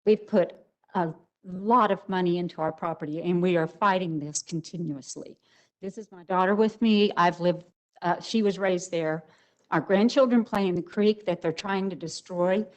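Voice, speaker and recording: A woman's voice: on the low side, moderate pace, low-quality recording. An older woman speaking as a resident at a public hearing, emotional and emphatic. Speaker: resident giving public comment.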